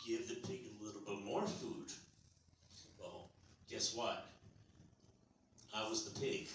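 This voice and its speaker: A man's voice: medium pitch, fairly bright tone, a little hiss or hum. Older stand-up comic in his sixties, rambling storyteller, echoey club from far off. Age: 60s. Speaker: stand-up comedian. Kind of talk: stand-up comedy set.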